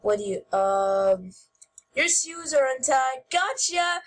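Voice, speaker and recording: A woman giving playful gameplay commentary as host, goofy and shouting mock-angrily at other players. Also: high-pitched, animated, slow.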